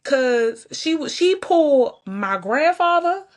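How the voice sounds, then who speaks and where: A woman's voice: sits high, sing-song, slow. Chatty woman fighting back tears. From Georgia, US. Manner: chatty, candid, laughs and sighs often. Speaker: podcast host. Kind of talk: casual personal vlog talk.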